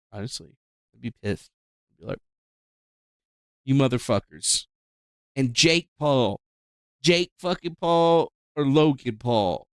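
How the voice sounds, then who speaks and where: A man's voice: medium pitch, clear, resonant tone, dry recording, clean studio sound. Profane ranting streamer guy. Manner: profane, sarcastic, sighing. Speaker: livestream host. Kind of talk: rambling livestream rant.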